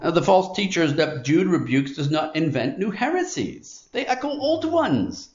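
An emphatic male preacher delivers a sermon, piling up phrase after phrase with building force. His voice sits a little high for a man. The sound is echoey and slightly dull. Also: sing-song, normal speed, a little mellow. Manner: emphatic, declamatory, building lists with rising force.

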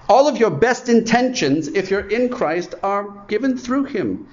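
Male preacher, animated pitch swings, emphatic repetition; dull lo-fi church recording. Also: unhurried, hardly any pauses. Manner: emphatic, repeats phrases for effect. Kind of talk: sermon. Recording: muffled, lo-fi sermon recording.

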